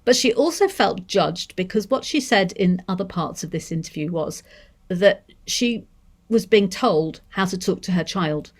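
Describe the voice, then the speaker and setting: A woman with a Manchester accent giving a seminar talk on deaf education, measured and thoughtful, pausing to rephrase. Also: medium pitch, lively intonation. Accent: English, Manchester. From Manchester, England. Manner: measured, thoughtful, with restarts and hedges.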